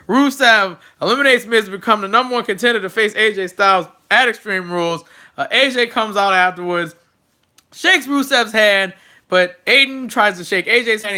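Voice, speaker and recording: A young man hosting a casual solo wrestling recap, chatty and excitable, with jokey fan asides. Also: high-pitched.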